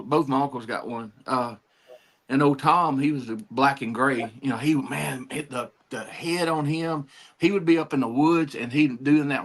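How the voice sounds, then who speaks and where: A man's voice: mid-range voice, a bit bright. A man telling a rambling childhood story in casual talk, addressing listeners.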